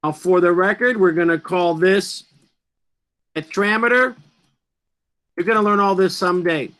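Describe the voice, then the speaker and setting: A man's voice: sits high, normal speed, a bit bright. A man teaching a poetry lesson to an online class, emphatic and asking his students questions.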